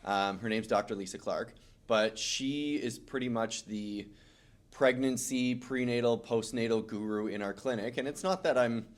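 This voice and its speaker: A man's voice: medium pitch, normal speed. A man, a chiropractor co-hosting a casual podcast chat.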